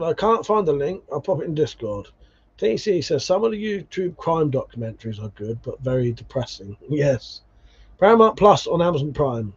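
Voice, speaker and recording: A slightly high male voice with a breathy edge comes through dull, lo-fi stream audio. The speaker is a livestream host who casually reads viewer comments, throws in swear words, and calls people "mate."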